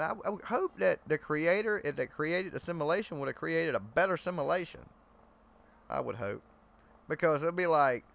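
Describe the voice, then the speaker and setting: Gravelly man rambling on a live chat. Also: a little high. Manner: rambling, joking, loose slangy talk. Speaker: live stream host. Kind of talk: casual live chat talking to viewers.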